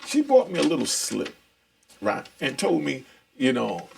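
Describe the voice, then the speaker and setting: A man's voice: mid-range voice, wildly swooping pitch, unhurried, gravelly, darkish tone, a little hiss or hum. A middle-aged man telling a story in a laid-back, streetwise way, full of slang and asides. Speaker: storyteller recounting prison life. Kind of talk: casual storytelling.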